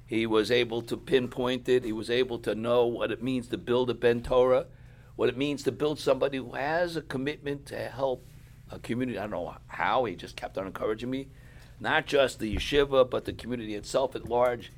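Sounding weary, a middle-aged rabbi delivers a brisk sermon to yeshiva students in a mid-range voice. He keeps clearing his throat and repeats lines to drive them home.

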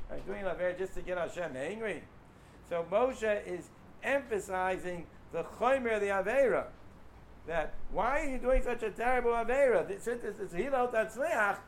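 A man teaching a casual Torah lecture, animated and asking rhetorical questions, with frequent restarts. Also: high-pitched, gravelly, slight background noise.

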